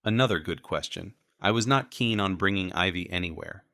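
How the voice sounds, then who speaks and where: Deep, forceful male audiobook narrator. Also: a little fast, gravelly, dry recording, clean studio sound. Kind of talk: first-person audiobook narration.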